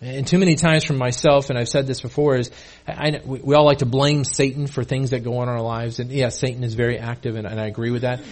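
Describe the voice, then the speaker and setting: A man's voice: mid-range voice, steady tone, fast talker. A male pastor delivering a sermon in a casual, conversational way, often repeating and restarting words.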